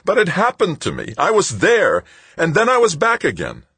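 A man's voice: medium pitch, sing-song, moderate pace, husky, dry recording, voice pushed up. A man voicing an anxious, confused hospital patient who pleads and frets. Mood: distressed. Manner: pleading, rattled.

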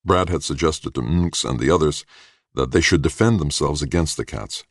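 A man narrating an audiobook in a measured, steady reading. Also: a bass voice, no echo, clean studio sound. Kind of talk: scripted narration.

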